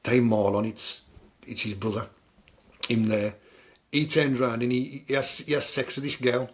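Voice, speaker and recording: A man's voice: medium pitch, flat delivery, normal speed. A man with a British accent, hosting a podcast and rambling through film recaps in a loose, chatty way. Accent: British English. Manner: rambling, chatty storytelling with many fillers. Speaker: podcast host. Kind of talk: casual film chat.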